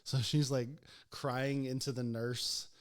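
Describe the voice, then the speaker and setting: A man's voice: medium pitch, slow pace. A young adult man telling a work story in a casual podcast chat, laughing often and acting out the people he quotes. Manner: animated storyteller who acts out quoted voices, laughing often. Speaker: podcast co-host.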